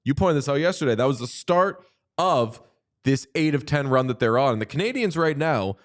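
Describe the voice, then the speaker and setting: A man's voice: mid-range voice, expressive, fairly quick. A man hosting a sports podcast in casual chat, playful and teasing. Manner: playful, teasing, jumps into sing-song bits. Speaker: podcast host.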